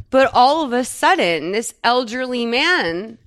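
A woman co-hosting a podcast in casual chat, telling stories in an animated way, full of "like" fillers and quick laughs. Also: fairly high pitch. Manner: chatty, animated storytelling full of 'like' fillers; laughs often mid-sentence. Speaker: podcast co-host. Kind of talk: casual chat recapping a movie.

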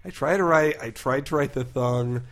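A man co-hosting a comics podcast, talking in a rambling, casual way with lots of fillers and quick asides. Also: medium pitch, fairly bright tone. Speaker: podcast co-host. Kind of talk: casual chat.

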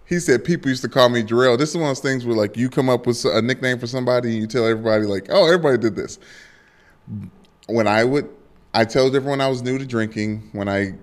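A man's voice: medium pitch, quick pace. Playful young man co-hosting a podcast. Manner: playful, animated storytelling. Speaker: podcast co-host. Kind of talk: casual sports podcast chat.

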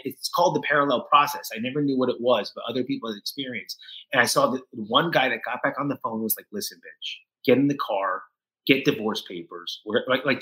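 A middle-aged man guesting on a podcast, with a bright, forceful voice. He tells his story with emotional restarts and often mimics the people he quotes. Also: mid-range voice, low-quality recording. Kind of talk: candid interview storytelling.

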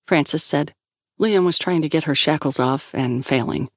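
Woman narrating fiction, steady and measured, very dry close mic. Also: low voice, dry recording. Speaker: audiobook narrator. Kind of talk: scripted narration.

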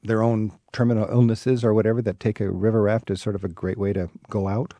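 A man hosting a radio travel show, animated and enthusiastic as he interviews a guest. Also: fairly low pitch, a little fast, no room sound.

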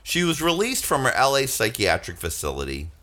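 A man's voice: mid-range voice, huge pitch swings, brisk, pushed and bright. A man hosting a casual comedy chat, reading celebrity gossip aloud with sarcastic, mocking asides. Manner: sarcastic, mocking, bursts into silly put-on voices.

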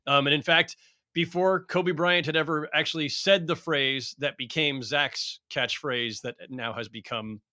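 A middle-aged man, a veteran reporter guest on a podcast, speaking in measured, thoughtful sentences. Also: fairly high pitch, steady tone, bright, forceful tone, dry recording, clean studio sound. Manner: measured, thoughtful, talks in long considered sentences. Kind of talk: casual podcast interview.

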